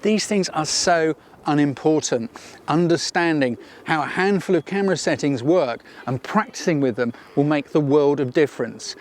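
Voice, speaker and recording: A man coaching beginner photographers outdoors in a casual, energetic rant with emphatic repetition and the odd sarcastic aside. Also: on the high side, moderate pace.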